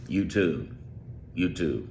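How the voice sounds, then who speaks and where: A low, gravelly male voice, speaking off script to his audience. He talks emphatically, repeats himself and drags out his phrases. A faint hiss sits under the recording. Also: lively intonation, slow, darkish tone. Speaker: political commentator. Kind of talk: off-script direct-to-camera commentary.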